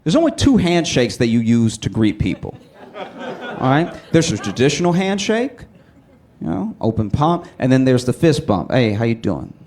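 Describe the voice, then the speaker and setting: A male stand-up comedian telling a story in an animated, incredulous way. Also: medium pitch, moderate pace. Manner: animated, incredulous, exaggerated retelling. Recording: echoey hall with background noise.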